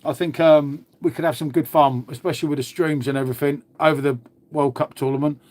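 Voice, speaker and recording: A man's voice: fairly high pitch, steady tone, brisk, darkish tone. A man hosting a casual live stream, chatting to viewers, reacting to comments and calling everyone "mate". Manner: chatty, calls people "mate" constantly. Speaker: livestream host.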